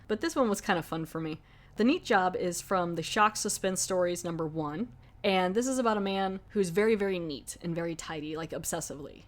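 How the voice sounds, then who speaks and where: A woman hosting a podcast, retelling a horror film plot in a casual, rambling way full of 'like'. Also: mid-range voice. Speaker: podcast host. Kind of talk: casual film review chat.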